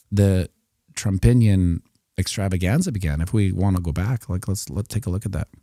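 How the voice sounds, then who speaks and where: A man's voice: lowish voice, mellow, dry recording, clean studio sound. A middle-aged man giving casual, rambling live commentary on market charts, joking and muttering asides to himself as he works. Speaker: crypto streamer.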